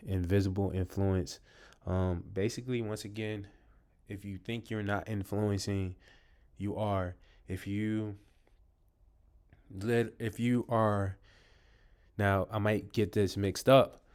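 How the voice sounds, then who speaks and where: A man with a fairly low voice talks casually to his viewers about books he loves. He rambles, fills pauses with ums and restarts his sentences. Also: darkish tone. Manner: addresses viewers as "you guys". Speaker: vlogger reviewing books. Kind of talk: casual talk to camera.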